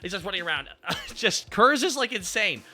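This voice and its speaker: Excitable, profane male streamer. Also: high voice. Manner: excitable, profane, fast storytelling. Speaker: streamer host. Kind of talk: casual ranking stream chat.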